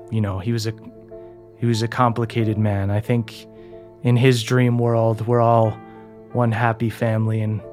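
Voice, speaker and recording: A man voicing a remorseful, ghostly middle-aged mother who speaks haltingly and repeats her words, with faint music behind. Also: on the low side, darkish tone, lightly acted.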